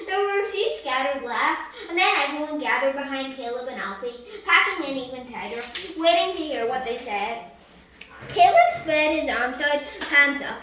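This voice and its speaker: A woman reading a novel chapter aloud in a lively storybook narration, with small stumbles and self-corrections. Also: high-pitched, normal speed, background noise. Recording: echoey room.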